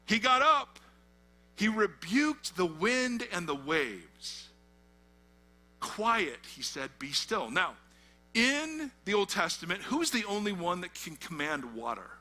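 A middle-aged pastor teaches through a Bible passage in a conversational sermon, emphatically quizzing his listeners with fill-in-the-blank questions. His voice sits high, pushed and bright, with big pitch swings, and he takes his time.

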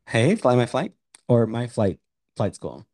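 A man's voice: medium pitch, sing-song, unhurried, a little mellow, no echo. Joking man hosting a podcast. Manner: playful, joking, trails off mid-sentence. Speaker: podcast host. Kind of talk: casual chat.

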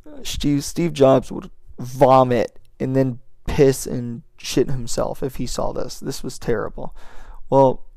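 A man's voice: medium pitch, fairly even intonation, takes it slowly, creaky, mellow, dry recording, clean studio sound. A young man hosting a podcast, telling a casual, rambling story and swearing freely. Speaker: podcast host.

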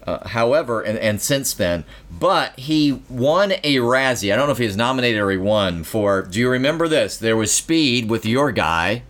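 A man's voice: mid-range voice, expressive, normal speed, few pauses, a bit bright. A man hosting a casual chat, talking in a rambling way with many fillers. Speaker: podcast host.

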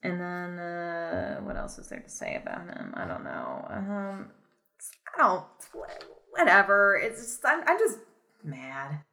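A woman's voice: on the low side, wildly swooping pitch, takes it slowly, vocal fry, sharp tone, reverberant. A woman co-hosting a casual film review chat, rambling with lots of filler words and laughs. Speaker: podcast co-host.

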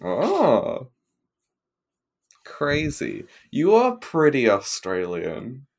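A man's voice: medium pitch, wildly swooping pitch, extremely slow. A man co-hosting a podcast in casual chat, with dry, teasing humor. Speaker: podcast co-host.

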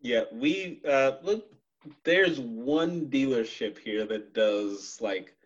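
A man's voice: medium pitch, animated, slow, dull audio. A man hosting a casual podcast chat, rambling and laughing through his stories. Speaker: podcast host.

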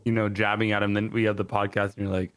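A man's voice: lowish voice, level tone, fast talker, fairly bright tone, clean tone, no echo. Easygoing man chatting on a podcast. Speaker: podcast co-host. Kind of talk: casual podcast chat.

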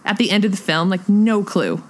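A young woman chatting casually and excitedly about a film, gushing, with lots of "like" fillers. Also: medium pitch, moderate pace.

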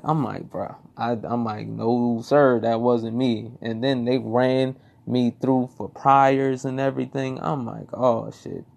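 Gravelly young man telling a story. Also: medium pitch, fairly even intonation, slow, a little mellow. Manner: swearing, rambling, repeats himself. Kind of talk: casual personal storytelling.

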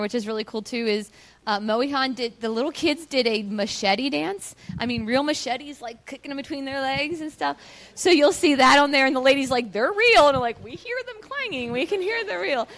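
A woman sharing a personal mission-trip testimony with a church audience, telling the story in a chatty, earnest way and acting out what people said. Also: a little high. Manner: animated storyteller who acts out quoted dialogue; earnest, chatty, many fillers.

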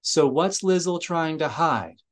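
A man reading aloud, voicing a poised, diplomatic woman, lifting his voice a little higher and gentler than his narration. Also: animated, unhurried.

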